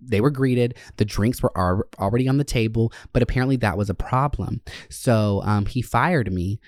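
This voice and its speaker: A man hosting a podcast, telling candid, profane stories in a casual, animated way. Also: mid-range voice, moderate pace, dry recording. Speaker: podcast host.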